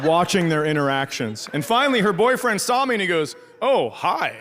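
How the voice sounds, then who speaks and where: A middle-aged man doing stand-up storytelling with animated, crude delivery that jumps higher for the punchlines. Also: a little fast, big-room sound. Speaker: stand-up comedian.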